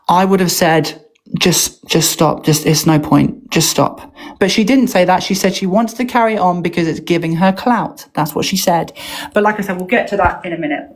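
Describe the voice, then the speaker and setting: A woman hosting a livestream, telling a heated story in a casual, animated way and acting out the voices of others. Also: on the low side, rough recording. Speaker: livestream host.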